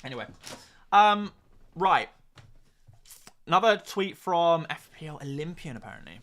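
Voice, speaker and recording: A man chats casually on a live stream, joking with viewers and muttering to himself between points. His voice is bright, fairly high, and swings widely in pitch. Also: animated, unhurried. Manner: chatty, jokey, muttering asides. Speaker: streamer host.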